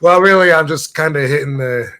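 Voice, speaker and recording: A man's voice: on the high side, brisk, clean tone. A man in his fifties hosting a podcast, telling long rambling anecdotes in casual chat. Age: 50s. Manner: rambling, animated anecdotes with put-on voices. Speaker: podcast host. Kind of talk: casual storytelling.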